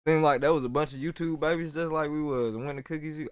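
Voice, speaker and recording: A man's voice: on the high side, steady tone, quick pace, smooth, no echo, clean studio sound. A man giving casual reaction commentary on a video, talking in rambling, profane slang.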